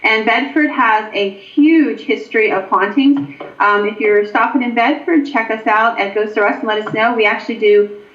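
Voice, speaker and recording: A woman's voice: on the high side, normal speed, fairly bright tone. A woman, a guest paranormal investigator, telling a long ghost anecdote with frequent ums. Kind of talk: storytelling in a show interview. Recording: echoey, dull lo-fi line.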